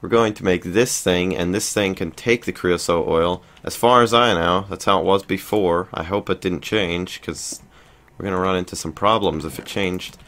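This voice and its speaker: A man's voice: sits low, normal speed, a bit bright. A young man hosting a let's play, thinking aloud in casual commentary with lots of fillers and restarts.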